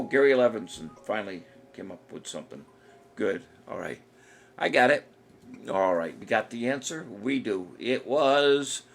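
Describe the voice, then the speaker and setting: A man with a medium-pitched, slightly bright voice hosts a relaxed trivia live stream. He rambles and jokes, chuckling frequently while reading aloud the answers his commenters send in.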